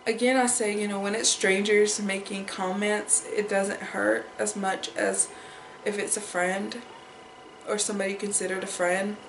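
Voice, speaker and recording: A woman's voice: mid-range voice, level tone, unhurried, reverberant, background noise. A young woman talking in an emotional personal vlog, upset and repeating herself as she holds back tears. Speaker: vlogger.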